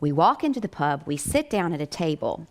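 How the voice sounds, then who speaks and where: An American woman, a chiropractic doctor, telling a personal story in a lively way with frequent laughter. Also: low voice, brisk.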